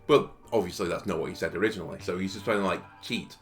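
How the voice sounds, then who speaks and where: A young man hosting a gaming video rambles through a story loaded with fillers while commenting casually on the game he's playing. His voice is low and quick, with faint music in the background.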